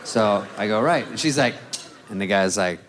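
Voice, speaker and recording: A man's voice: fairly low pitch, moderate pace. A man doing a stand-up routine, acting out the people in his stories. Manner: animated, acts out characters, laughing. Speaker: stand-up comedian. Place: comedy club stage. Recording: loud crowd and noise of a live club.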